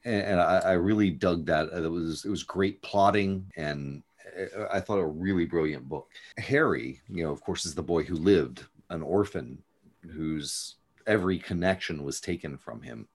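A man with a very low voice co-hosting a casual podcast. He talks in a measured, reflective way and lays out his thoughts in full. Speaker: podcast co-host.

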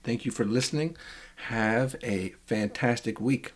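A man hosting a casual podcast interview, talking in a relaxed way with fillers. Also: mid-range voice, unhurried. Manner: warm-hearted thanks, relaxed, fillers. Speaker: podcast host.

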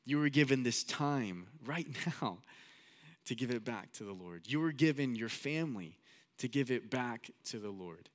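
A man's voice: mid-range voice, lively intonation, moderate pace. A man preaching a sermon in a casual, storytelling manner, often repeating his phrases.

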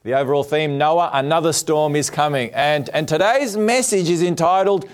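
A man's voice: a little high, moderate pace, few pauses. A man with an Australian accent preaching a sermon in a television studio with an audience, earnest and welcoming, repeating key phrases. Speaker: pastor.

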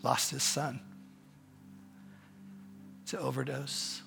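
Gravelly middle-aged pastor telling a story. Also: male voice, mid-range voice, little pitch movement, over music. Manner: halting, self-deprecating, many fillers. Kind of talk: sermon storytelling.

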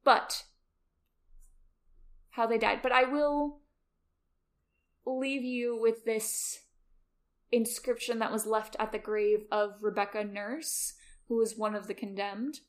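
A woman cohosting a podcast in casual chat, earnest and quick to laugh. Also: a little high, fairly even intonation. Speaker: podcast co-host.

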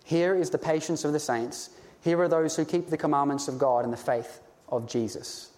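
A man's voice: on the high side, moderate pace, a little mellow. A man preaching a sermon in an earnest, pleading way, sometimes stumbling over his words when stirred. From Australia.

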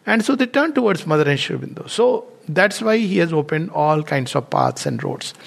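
A man's voice: on the high side, very animated, brisk, vocal fry. A man giving a spiritual talk, telling anecdotes in a loose, storytelling way with fillers. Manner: anecdotal, warm storytelling with frequent fillers and laughs. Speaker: spiritual teacher.

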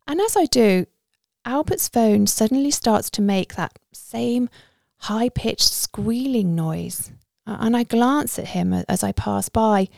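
A woman's voice: fairly high pitch, animated, slow pace, vocal fry, dark tone, no room sound, clean studio sound. A woman narrating a story in a conversational first-person way.

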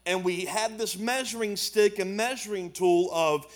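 A man's voice: sits high, moderate pace, few pauses. A man, preaching a sermon as pastor, building to emphatic declarations in plain colloquial speech.

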